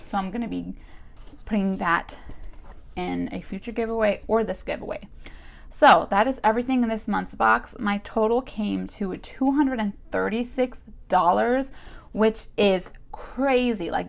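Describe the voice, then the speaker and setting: A woman's voice: medium pitch, gravelly, a bit bright. A young woman chatting casually through a beauty box unboxing, full of fillers and a little out of breath. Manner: chatty, with many fillers like "like" and "you guys". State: a bit out of breath. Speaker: beauty vlogger.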